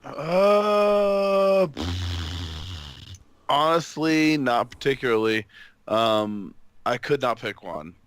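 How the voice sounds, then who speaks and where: A hesitant man co-hosting a podcast, his voice smooth and clear in a dry, close recording. He halts and fills gaps as he works out what to say. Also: on the high side, no echo. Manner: hesitant, halting with fillers. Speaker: podcast co-host. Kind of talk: casual chat.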